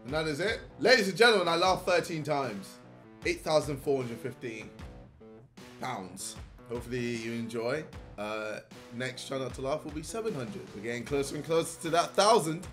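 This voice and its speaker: A young man, a YouTuber, reacting to clips with bursts of loud laughter and shouted remarks. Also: medium pitch, normal speed, faint music behind. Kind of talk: casual reaction commentary.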